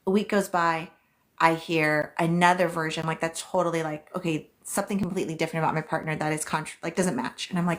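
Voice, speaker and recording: A woman's voice: fairly low pitch, fairly even intonation, fairly quick. A woman hosting a casual psychic livestream, chatty and loose, who swears and repeats phrases for emphasis. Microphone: phone.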